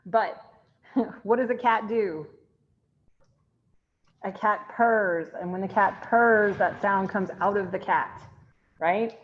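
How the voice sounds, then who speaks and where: Speaking slowly in a mid-range voice, a woman teaches chemistry online, chatty in tone and posing questions to the class that she then answers. The sound comes from a computer mic on a video call and is slightly dull and lo-fi.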